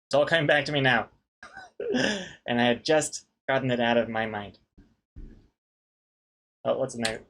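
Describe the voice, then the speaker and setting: This medium-pitched male host sounds animated and a bit bright, speaking at a moderate pace with frequent pauses. He's running a laid-back live stream, reading viewer names and pun ideas aloud in a jokey way and laughing a lot.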